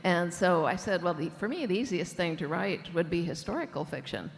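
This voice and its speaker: A woman's voice: fairly low pitch, fairly quick, vocal fry, in a large hall. An older woman author speaking on a panel with wry, dry humor. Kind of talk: casual panel talk.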